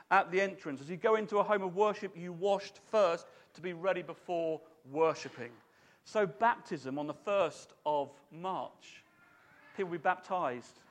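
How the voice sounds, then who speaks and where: High-voiced, animated preacher. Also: male voice. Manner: animated, chatty, asks the congregation questions. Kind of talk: sermon.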